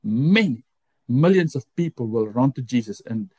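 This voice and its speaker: Man preaching a lively personal testimony. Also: normal speed, husky, dry recording. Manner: animated storytelling, jumps high when quoting his own complaints. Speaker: pastor. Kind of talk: sermon testimony. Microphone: close mic.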